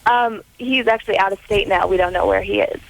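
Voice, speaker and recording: Hesitant young woman caller with creaky voice. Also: mid-range voice, rough recording. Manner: hesitant, many pauses. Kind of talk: call-in radio conversation.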